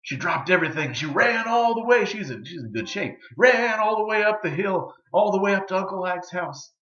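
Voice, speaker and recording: A man telling a folk tale, drawling and dramatic, with hushed pauses. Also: high voice, expressive. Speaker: storyteller. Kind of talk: folksy storytelling. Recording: roomy, slightly dull recording.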